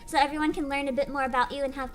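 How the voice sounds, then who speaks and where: A woman's voice: high-pitched, little pitch movement, rapid-fire, background noise. A chatty woman hosting a stream and wrapping up a voice call with guests. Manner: chatty, lots of um and mm-hmm. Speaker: stream host. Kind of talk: casual chat.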